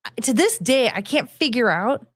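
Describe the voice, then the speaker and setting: A woman's voice: on the high side, animated, normal speed, dry recording. A woman in her forties hosting a podcast, rambling and chatty, laughing often and swearing casually. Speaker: podcast host. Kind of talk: casual chat.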